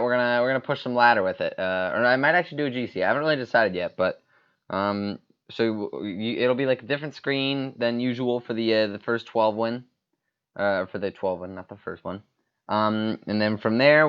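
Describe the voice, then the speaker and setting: A man's voice: fairly low pitch, clean tone, lo-fi sound. A man giving casual, rambling commentary over a mobile game replay, full of fillers and restarts. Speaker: gaming YouTuber.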